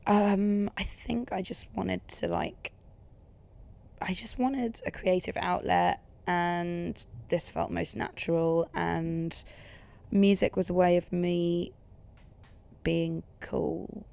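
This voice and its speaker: A young Englishwoman with an Essex accent talks loosely and sarcastically, peppering every thought with "like." Her voice sits slightly low and carries a gravelly fry. The tone stays easygoing and conversational throughout. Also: slow, darkish tone. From England. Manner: chatty, lots of "like", sarcastic asides. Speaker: guest. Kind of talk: casual podcast chat.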